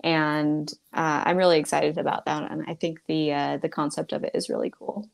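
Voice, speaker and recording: A young woman illustrator chatting in a friendly, easygoing way, with fillers and quick laughs. Her voice sits a little low for a woman. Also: flat delivery, gravelly. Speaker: children's book illustrator. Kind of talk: casual bookstore video chat.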